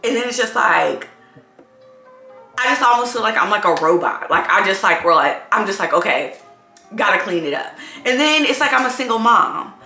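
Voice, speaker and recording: A woman talks to her camera in a loose, rambling vlog, circling back with "like" as she tells her story. Her voice is bright and sharp, sitting in the middle of the range. The room around her is echoey, with faint music underneath. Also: on the high side, expressive, normal speed. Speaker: vlogger, single mom. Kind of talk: casual vlog chat.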